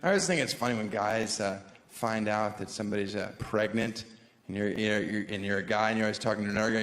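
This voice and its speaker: A man with a fairly low voice does stand-up live on stage into a handheld mic, talking quickly. His delivery is sarcastic, punchy and playful, and the room is roomy with a loud audience.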